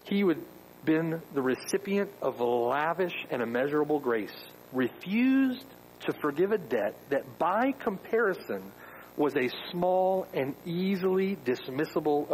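A man's voice: fairly high pitch, big pitch swings, measured pace, slight background noise, rough recording. A man preaching a sermon as pastor, emphatic, with rhetorical questions.

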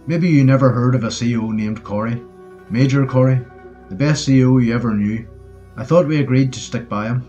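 Man doing a hot-tempered soldier, yelling. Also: on the low side, brisk, muffled recording, soft background music, close to an everyday voice. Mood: furious yelling. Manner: yells angrily, dour. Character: hot-tempered Yorkshire soldier, stubborn and loud.

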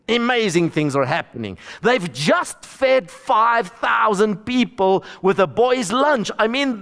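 With a high-pitched, fairly bright voice, a male pastor delivers his sermon as a story, voicing the disciples and Jesus himself. The recording carries a long hall reverb.

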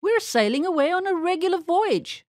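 A woman's voice: extremely high pitch, sing-song, moderate pace, a little mellow, no echo, clean studio sound, pitched above the performer's own voice. A woman doing a fretful muskrat lady. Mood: anxious.

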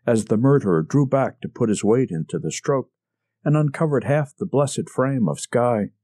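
A man reads a mystery story aloud in an expressive narrating style. His voice is mellow and warm with lively, varied pitch. The sound is dry, with no room echo. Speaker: audiobook reader.

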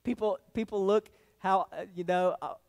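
A man's voice: high voice, steady tone, normal speed, big-room sound. A male pastor with a Southern US accent preaching a folksy sermon, often restarting phrases and asking "all right?". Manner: folksy, many restarts and tag questions. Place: church sanctuary.

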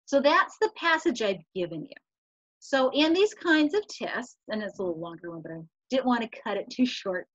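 A fairly high-voiced woman teacher reads a novel passage aloud over a video call, stumbling now and then and correcting herself. The sound is dry and somewhat dull, like lo-fi call audio. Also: normal speed, dry recording. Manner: steady reading with small slips and restarts.

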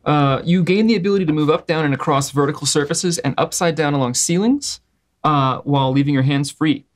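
Male player, slightly high voice, explains rules plainly. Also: brisk. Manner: explains his spell rules step by step. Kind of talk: casual tabletop game chat.

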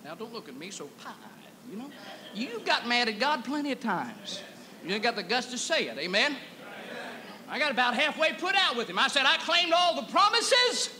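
A man preaching a fiery revival sermon, swinging between hushed storytelling and shouted exclamations, recorded in a church on an old cassette tape. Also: very high voice, big pitch swings, normal speed, low-quality recording. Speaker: pastor. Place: church sanctuary.

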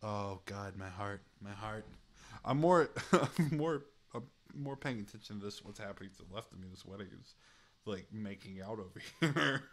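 A man's voice: on the low side, moderate pace. A man streaming a chat game, commenting casually, laughing often and swearing freely, and sounding short on sleep.

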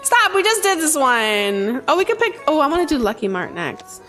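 Bubbly woman gaming host, high-pitched, chatty with her viewers, gasps at the action. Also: moderate pace, faint music behind. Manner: bubbly, greets and thanks chat nonstop, excited gasps. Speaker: live-stream gamer host. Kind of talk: casual live-stream chat while gaming.

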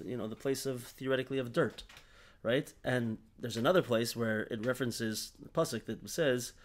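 A man leads a Torah study discussion in a middle-pitched voice, explaining animatedly and restarting often. He checks in with his listener as he goes. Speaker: Torah teacher.

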